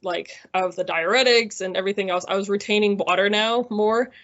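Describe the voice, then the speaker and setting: A woman's voice: mid-range voice, a little fast, fairly bright tone, lo-fi sound. A woman in her thirties telling her own story in a casual, chatty way, with many fillers and easy laughs. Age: 30s. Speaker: interviewee.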